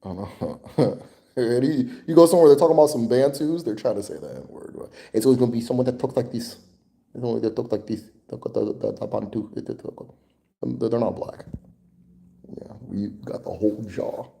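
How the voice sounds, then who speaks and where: A man's voice: mid-range voice, moderate pace, creaky, dark tone. A man hosting a casual livestream Q&A, answering viewer questions in a loose, rambling way, swearing and chuckling often.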